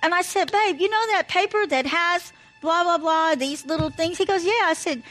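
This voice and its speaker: Very high-voiced chatty woman. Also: moderate pace, hardly any pauses, fairly bright tone, faint music behind, rough recording. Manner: chatty, anecdotal, repeats "blah, blah". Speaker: speaker sharing marriage advice. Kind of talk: casual storytelling talk.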